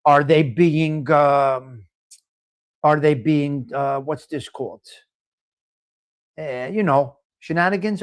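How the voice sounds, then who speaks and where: A man hosting a live coffee talk stream, blunt and crude, laughing as he talks straight to viewers in the chat. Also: a little high.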